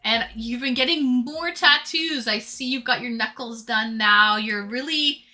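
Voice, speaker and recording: A woman's voice: on the high side, a little slow, bright, forceful tone. A woman hosting a casual drinking livestream, greeting and thanking viewers as she chats. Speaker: livestream host.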